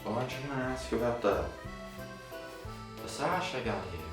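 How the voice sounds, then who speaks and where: A man's voice: medium pitch, lively intonation, moderate pace, over music, voice pushed up, lightly acted. Man playing a rambling mock-French deposed king. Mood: boastful. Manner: rambling, self-important, bragging. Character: boastful deposed male "king of 2021". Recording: roomy, distant, noisy amateur recording.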